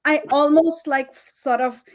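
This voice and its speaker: A middle-aged woman from India with an Indian English accent, telling her story in an interview, animated and laughing often, with many fillers. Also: sits high, slow pace. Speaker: guest, fashion designer.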